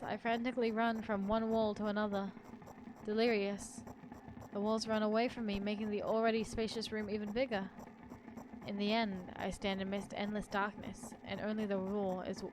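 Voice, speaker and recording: A woman's voice: mid-range voice, flat delivery, moderate pace, noisy background. A woman streamer reading a horror story aloud in the first person, with joking asides.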